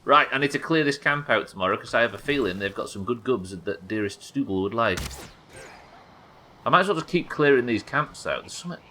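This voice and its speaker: A man's voice: mid-range voice, expressive, fairly quick, sharp tone, a little hiss or hum. A man from the UK streaming a video game live, rambling, swearing and chatting with his viewers as he plays. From United Kingdom.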